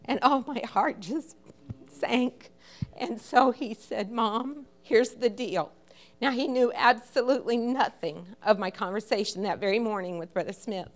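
A woman's voice: fairly high pitch, normal speed. A middle-aged woman telling a personal testimony at church, storytelling with feeling and quoting the people she speaks of. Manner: emotional storytelling, quotes others in dialogue. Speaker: church member giving a testimony.

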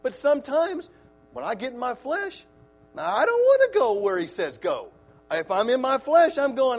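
A middle-aged man preaching a sermon in church, excitable and folksy, breaking into shouts. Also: extremely high pitch, normal speed.

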